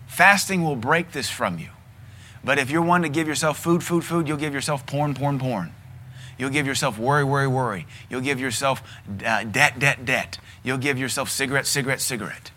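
Emphatic Southern preacher, bright voice. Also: male voice, mid-range voice. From American South. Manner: blunt, emphatic preaching with repetition. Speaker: pastor. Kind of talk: sermon.

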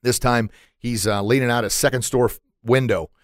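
Earnest, energetic male podcast host. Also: medium pitch, normal speed, dry recording, studio quality. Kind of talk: motivational podcast monologue.

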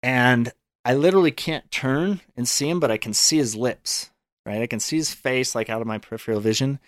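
A man's voice: medium pitch, a little fast, dry recording, clean studio sound. A man telling a personal story as a podcast guest, earnest, acting out his own thoughts in quotes.

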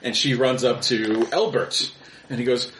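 A man narrating a tabletop game as game master, relaxed and halting, with many fillers. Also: mid-range voice, echoey room, slight background noise.

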